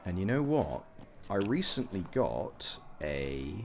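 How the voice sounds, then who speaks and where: A man's voice: low voice, big pitch swings, slow pace, a little hiss or hum. A man giving casual let's-play commentary, chatting with his chat and rambling into jokey asides. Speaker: gameplay commentator.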